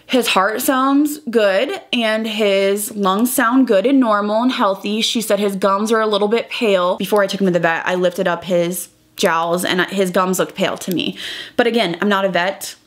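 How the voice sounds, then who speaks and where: A woman's voice: mid-range voice, fairly even intonation, normal speed, fairly bright tone. Young woman vlogger, rambling emotional story, lots of "like" and quoting people while she does her makeup. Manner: emotional storytelling full of "like" and quoted dialogue. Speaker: beauty vlogger. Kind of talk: personal life update while doing makeup.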